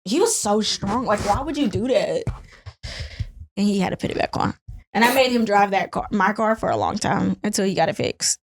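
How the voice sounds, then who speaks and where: A woman's voice: medium pitch, expressive, normal speed. A young woman co-hosting a casual podcast from a couch, her voice sitting in a middle register. She tells long, rambling stories and swears freely. She laughs easily between lines. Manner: chatty, rambling storyteller who laughs often and swears freely. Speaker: podcast co-host. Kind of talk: casual chat. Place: on a couch at home.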